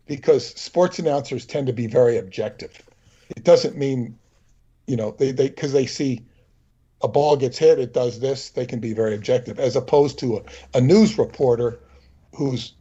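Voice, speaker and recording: A man's voice: medium pitch, mellow, husky, highs cut off. A man co-hosting a livestream, telling a digressive, opinionated anecdote in loose, rambling chat. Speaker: livestream co-host.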